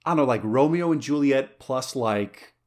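A man's voice: medium pitch, moderate pace. A man hosting a podcast, chatting casually in an enthusiastic, rambling way. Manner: enthusiastic, rambling, many fillers and restarts. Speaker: podcast host. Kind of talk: casual chat.

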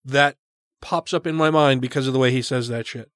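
A man's voice: medium pitch, steady tone, brisk, a bit bright, clean tone, no room sound, studio quality. A man co-hosting a casual podcast, talking in a blunt, dismissive and profane way. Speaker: podcast co-host. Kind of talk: casual chat.

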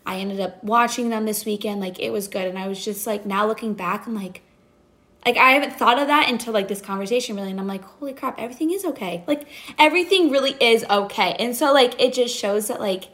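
A young woman talking casually about faith and patience, animated and full of filler words. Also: mid-range voice, a little fast. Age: young adult. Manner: chatty, animated storytelling, heavy "like" fillers. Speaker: podcast guest.

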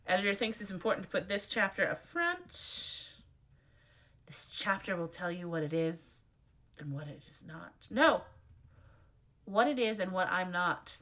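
A woman's voice: fairly low pitch, very animated, a little slow, pauses often, a bit bright. A woman reading out a list of numbered editor's notes, breaking in with dry, sarcastic asides. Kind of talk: reading aloud with wry asides.

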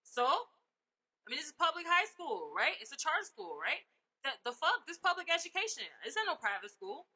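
Middle-aged lady on her podcast, super bright cutting voice, cussing and ranting, loud then low. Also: normal speed, rough recording. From South Side of Chicago. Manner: animated, profane, swinging between loud outbursts and low asides. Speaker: podcast host. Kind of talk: comedic rant.

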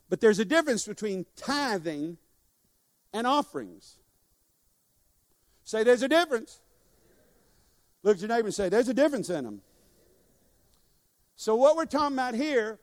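A man preaching a sermon to a congregation, leading call-and-response and joking as he exhorts. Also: sits high. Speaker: guest preacher. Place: church sanctuary. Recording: long church hall reverb.

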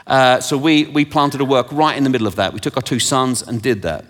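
A man preaching a sermon, telling stories with animated energy and self-deprecating asides. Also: mid-range voice, fairly quick. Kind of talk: sermon with anecdotes. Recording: long hall reverb.

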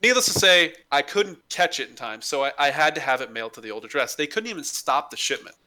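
A man's voice: on the high side, sing-song, fast, pushed and bright. A young man in casual chat, animatedly telling a comic story, acting out the quotes and swearing freely.

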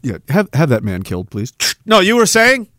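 A man hosting a podcast, reading chat messages in a sarcastic, animated way, laughing often and swearing. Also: a little high, normal speed, dry recording. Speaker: podcast host. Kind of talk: casual livestream commentary reading chat.

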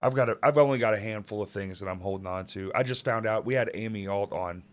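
A man hosting a podcast in casual chat, animated and profane, often laughing. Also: fairly low pitch, fast talker. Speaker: podcast host.

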